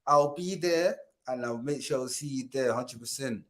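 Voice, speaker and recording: A man helps host a laid-back football live stream, his mid-range voice a bit bright and moving at normal speed. He cracks jokes, laughs often, circles back to the same phrases, and urges the audience to like and subscribe.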